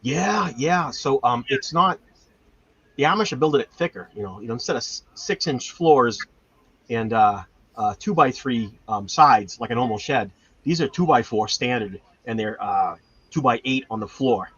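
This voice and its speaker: A man with a mid-range, slightly bright, husky voice and lively intonation talks at normal speed. Hosting a homestead channel, he rambles through casual, chatty stories packed with fillers. The recording has a dull lo-fi sound.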